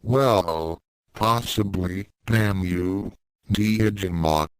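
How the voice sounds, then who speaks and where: A man's voice: low-pitched, drawn-out words, clean tone, no room sound. Man voicing a meek, stammering teenage boy. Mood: hesitant. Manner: hesitant, stammering with fillers.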